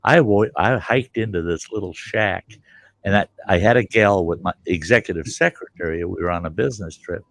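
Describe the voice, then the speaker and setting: Deep-voiced and a touch fast, this middle-aged man hosts a livestream of folksy storytelling, acting out others' lines in his rambling, colorful anecdotes. His tone carries vocal fry and a bit of brightness, with no echo.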